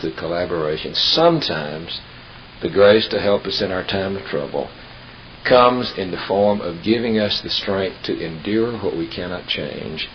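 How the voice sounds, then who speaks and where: A man preacher giving a sermon, telling humorous stories in an unhurried, folksy way with emphatic pauses. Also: deep voice. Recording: dull lo-fi tape with hiss.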